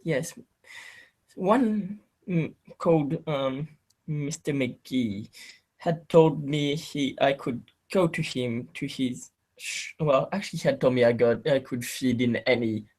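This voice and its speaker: A man's voice: mid-range voice, slow, darkish tone. A man voicing a polite young female vampire initiate in his own plain voice. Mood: earnest.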